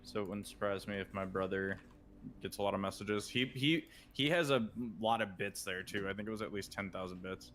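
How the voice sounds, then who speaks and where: A man's voice: on the low side, fairly quick, fairly bright tone. A man chatting casually with friends about his brother.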